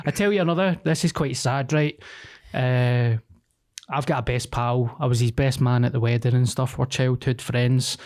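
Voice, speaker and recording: A man's voice: mid-range voice, fairly even intonation, moderate pace, a little mellow. A Scottish man in his thirties, a comedian telling blunt, sweary stories in casual podcast chat. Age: 30s.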